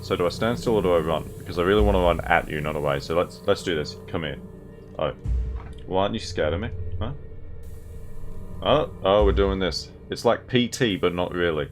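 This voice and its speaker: A man's voice: sits low, fairly quick, soft background music. A man casually commentating a horror game, with wry, sarcastic asides. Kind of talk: casual let's-play commentary.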